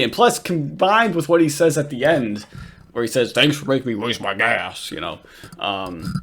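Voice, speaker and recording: Male commentary host, animated pitch, rambling and profane. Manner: rambling, swears often, laughs at clips. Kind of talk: casual reaction commentary.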